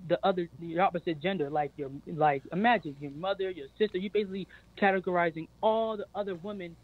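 A man's voice: high voice, fairly even intonation, fast. A man from Virginia calling into a show, hesitant and rephrasing himself as he goes. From Richmond, Virginia. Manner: hesitant, rephrases, many fillers. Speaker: caller. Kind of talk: phone-in call. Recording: tinny phone line.

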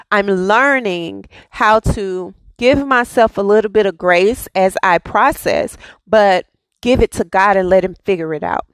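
A woman's voice: medium pitch, dry recording. A woman hosting a daily devotional, speaking with fervent, repetitive affirmations and casual asides to her listeners. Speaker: devotional host.

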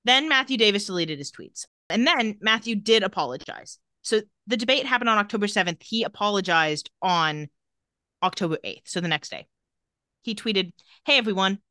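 A woman's voice: medium pitch, expressive, moderate pace, pushed and bright, no echo, studio quality. A woman co-hosting a casual podcast, recounting tweets with wry commentary. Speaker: podcast co-host.

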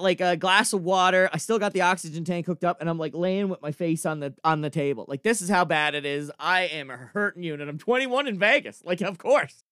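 A man with a Cape Breton accent tells a funny story in a loose, animated way, peppered with swearing, laughter and "like." His voice sits high and rings smooth and clear. The sound is close and dry, with no room around it. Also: dry recording. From Cape Breton, Canada. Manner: animated, profane, laughs often, fills with "like" and "I'm telling you". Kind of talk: casual comic anecdote.

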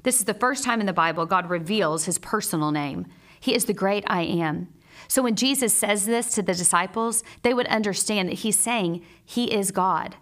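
A woman's voice: mid-range voice, a bit bright. Earnest woman giving devotional teaching. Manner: earnest, measured, personal storytelling. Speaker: Bible teacher; mother.

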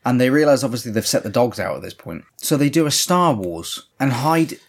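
A man's voice: medium pitch, animated, fairly quick, creaky. A man recapping a movie in casual chat, rambling and swearing a lot and acting out characters' lines. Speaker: podcast co-host.

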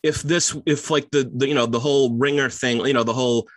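A man's voice: medium pitch, steady tone, brisk, no echo. Man, podcast co-host, casual rambling chat, dry close sound. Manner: rambling with many fillers and restarts.

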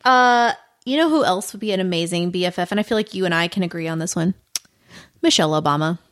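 A woman co-hosting a podcast in casual chat, enthusiastic and quick to tease. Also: on the low side. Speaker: podcast co-host.

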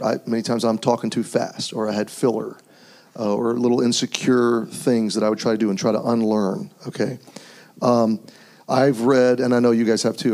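A pastor hosting a round-table discussion, running briskly through a list of tips and often ending points with "okay?". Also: male voice, mid-range voice, mellow. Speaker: pastor and conference host.

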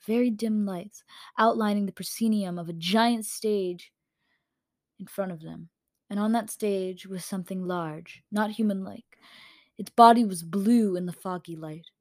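A woman's voice: medium pitch, a little mellow, dry recording. A woman reading a story aloud in a casual way, with slips and corrections, into a home microphone. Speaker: story reader.

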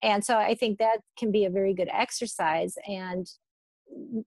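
A woman's voice: medium pitch, steady tone, moderate pace, a little mellow, no room sound. A woman therapist talking through advice in a thoughtful, hesitant way, with many fillers and restarts. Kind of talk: casual conversational advice.

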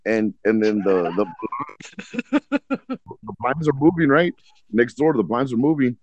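A man's voice: medium pitch, sing-song, unhurried, darkish tone, no room sound, muffled recording. A man casually telling a long, rambling story on a podcast, swearing often and acting out the voices of people in it. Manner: rambling, profane, acts out voices in his stories. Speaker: podcast co-host.

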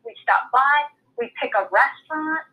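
A woman's voice: sits high, normal speed, sharp tone, poor audio. Earnest woman telling a faith story. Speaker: guest storyteller. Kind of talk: faith testimony.

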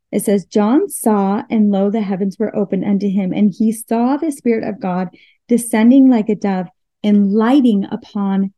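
Woman podcast host, really mellow dark voice, dry close mic, earnest chatty scripture talk. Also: mid-range voice, no room sound, rough recording. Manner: earnest, thinks aloud with fillers and restarts. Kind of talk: casual scripture study talk.

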